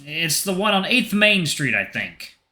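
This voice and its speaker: A man's voice: sits high, very animated, unhurried, sharp tone, pitched above the performer's own voice, full character voice. Theodore, a man voicing a young traveler. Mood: polite. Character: 23-year-old unemployed man, defensive traveler.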